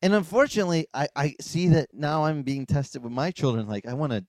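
A male pastor preaches outdoors in a high, lively voice that swoops as he acts out dialogues. The sound is dry and close, and his delivery is conversational. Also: brisk, no echo. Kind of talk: sermon. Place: beach church service, outdoors.

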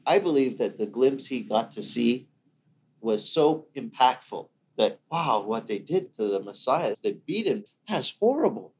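Male pastor delivering a sermon with an animated, swooping delivery and acted-out quotes; dull, lo-fi recording. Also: medium pitch, measured pace, breathy edge. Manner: animated, acts out quoted voices.

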